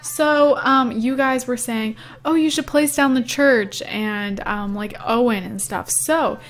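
Here a young woman on the higher side speaks slowly, casually walking viewers through her life-simulation game as a gaming YouTuber. Giggles and frequent "um"s and "like"s fill her chatty let's-play commentary.

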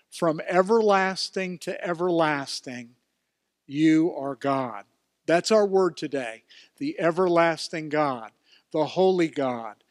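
An older man preaching a sermon as pastor, emphatic and building to loud exclamations. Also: fairly high pitch, dry recording, clean studio sound. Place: church.

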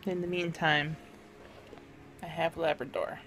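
A woman's voice: low voice, level tone, unhurried, a bit bright, a little hiss or hum. A woman vlogging casually, talking in a candid, matter-of-fact way. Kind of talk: casual personal vlog.

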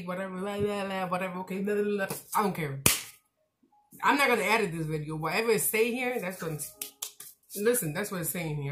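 A woman vlogger chatting casually to camera, rambling and excitable, with slangy, direct talk. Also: fairly low pitch, a little hiss or hum. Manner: rambling, talkative, animated and excitable; slangy, direct, says "y'all" and "your girl".

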